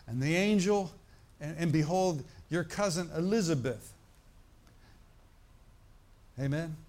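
Man preaching, conversational and lively. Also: on the high side, takes it slowly. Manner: conversational preaching with frequent "right?" and "amen?" asides. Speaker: pastor. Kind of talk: sermon.

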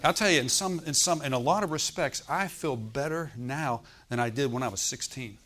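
A man's voice: mid-range voice, normal speed. Joking conversational preacher, man. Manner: joking, conversational, laughs often; builds to loud exhortation. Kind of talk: sermon.

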